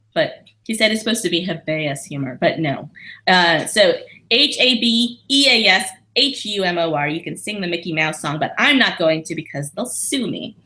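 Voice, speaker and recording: Self-deprecating woman, bright tone, casual guest chat with frequent restarts. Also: fairly low pitch. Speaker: podcast guest, lawyer and comedian. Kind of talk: casual conversation.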